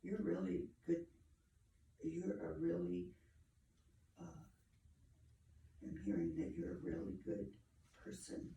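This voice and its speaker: A woman working as a psychic medium, giving a family a reading in a halting, searching way, often repeating herself. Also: fairly low pitch, very animated, creaky, dark tone, highs cut off. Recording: echoey room from far off, faint noise.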